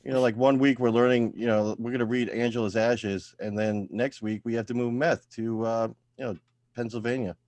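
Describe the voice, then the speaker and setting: A man doing a deadpan stand-up set over a video call from home, trailing off into quiet, self-deprecating mumbles. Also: mid-range voice, moderate pace, no echo. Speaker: stand-up comedian at open mic.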